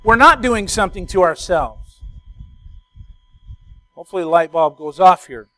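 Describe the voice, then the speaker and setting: High-voiced man preaching a sermon. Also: lively intonation, no room sound, rough recording. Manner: builds from quiet storytelling to loud emphatic preaching; slow drawn-out stress on key words.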